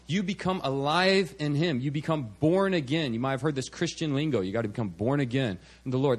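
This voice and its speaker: A man with a somewhat high voice delivers a church sermon. He talks in an easy, conversational way and keeps checking in with the congregation through little "okay"s and "all right"s. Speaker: preacher. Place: church service.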